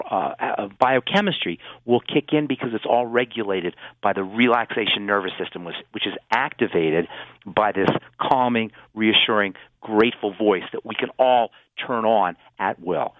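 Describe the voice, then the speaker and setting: A man's voice: lowish voice, animated, moderate pace, no room sound. A man who works as a pharmacist, explaining health topics earnestly on a radio call-in show, often restarting phrases. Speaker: pharmacist guest. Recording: tinny phone-line radio audio.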